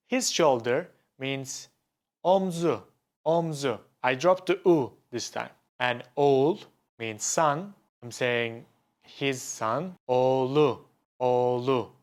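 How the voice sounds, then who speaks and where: A male language teacher, a native speaker of Turkish, explaining patiently and repeating example words slowly in an online lesson. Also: medium pitch.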